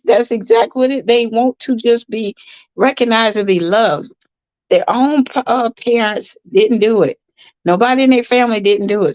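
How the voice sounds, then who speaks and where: A woman's voice: fairly high pitch, darkish tone, no room sound, poor audio. Chatty earnest woman host, dry sound. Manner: chatty, earnest, repeats herself. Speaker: livestream host and foster parent. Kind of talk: casual livestream chat reading comments.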